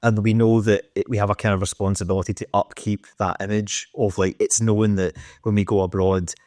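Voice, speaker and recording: A man's voice: on the low side, flat delivery, fairly quick, a little mellow, no room sound, clean studio sound. A Scottish man on a podcast panel, talking casually and swearing freely while he mimics other people's voices. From Scotland. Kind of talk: casual chat.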